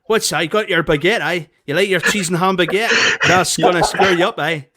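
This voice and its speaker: A man doing a loud, teasing holidaymaker from Belfast with a Northern Irish accent. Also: high voice, fairly even intonation, a little fast, a loud crowd, voice pushed up, lightly acted.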